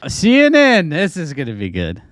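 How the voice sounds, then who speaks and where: A man's voice: on the high side, huge pitch swings, moderate pace, fairly bright tone, no echo, clean studio sound. A man co-hosting a casual talk show, reading news aloud with sarcastic, profane commentary and frequent laughter. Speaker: podcast co-host.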